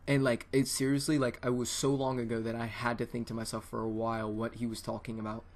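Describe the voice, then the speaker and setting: A teenage gaming-channel host tells a casual storytime on a USB desktop mic, rambling excitably and restarting often. His mid-range voice moves fast, with hardly any pauses.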